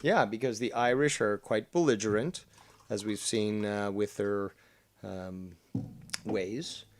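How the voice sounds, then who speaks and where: A man's voice: on the low side, slow pace, slight background noise. A man from Canada hosting a heated panel argument, smug and profane as he lectures the others. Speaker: show host.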